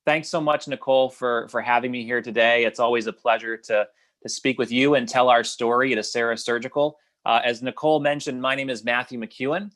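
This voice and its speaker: A man's voice: mid-range voice, steady tone, a little fast, fairly bright tone. A man, a startup founder, telling his company's founding story on a video call panel, hesitant with many filler words.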